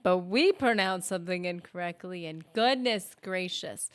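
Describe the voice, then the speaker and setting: A woman's voice: lowish voice, normal speed, clean tone, dry recording. A woman streaming a game, chatting casually and teasing her viewers in a playful way. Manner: playful, teasing banter with chat. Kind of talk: casual live-stream chat.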